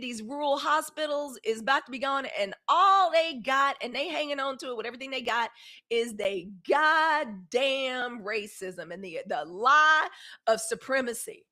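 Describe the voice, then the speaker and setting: A woman from Mississippi, hosting a live news stream and talking casually to her viewers. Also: high-pitched. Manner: animated, talks to her chat, swings loud and soft. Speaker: host.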